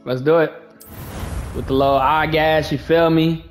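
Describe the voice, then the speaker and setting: A young man commenting on a video game in an excited, slangy, joking way. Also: on the high side, normal speed. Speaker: gaming streamer. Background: game music.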